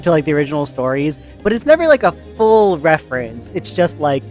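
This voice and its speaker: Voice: mid-range voice, very animated, a little fast, a little mellow, soft background music. A co-host of a game let's play, chatting casually and rambling with lots of fillers. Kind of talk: casual chat over a game.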